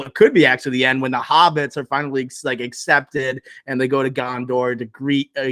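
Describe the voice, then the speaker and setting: A man's voice: mid-range voice, a bit bright, no echo. A man hosting a casual podcast, talking about films with enthusiasm and a rambling, emotional way of speaking. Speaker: podcast host. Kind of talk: casual movie chat.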